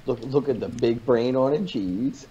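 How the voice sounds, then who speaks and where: A man's voice: mid-range voice, normal speed, warm tone, muffled recording, slight background noise. A man playing a tabletop game, joking and laughing with friends. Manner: playful, laughing. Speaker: player. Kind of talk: casual game-night banter. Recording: chatter of players around.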